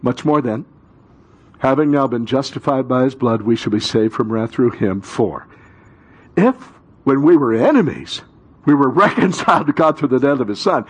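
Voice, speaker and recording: A male pastor preaching a sermon with call-and-response, reading Scripture and rising to shouts. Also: mid-range voice, lively intonation, normal speed, slightly rough.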